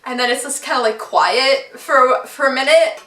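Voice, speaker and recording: A young woman vlogger telling a funny story, animated and giggly, often breaking into laughter. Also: high-pitched, normal speed, echoey room, far from the mic, soft background music. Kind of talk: storytime vlog.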